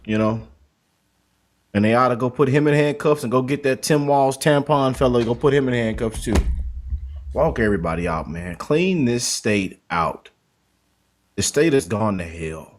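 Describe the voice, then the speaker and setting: A man's voice: medium pitch, normal speed. A male show host giving casual commentary, loose and talkative, calling his audience family.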